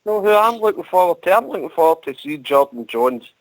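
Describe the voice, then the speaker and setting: A man's voice: on the high side, big pitch swings, brisk, no echo, low-quality recording. A Scottish man on a fan radio show talking earnestly about football, repeating himself for emphasis. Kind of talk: casual football chat.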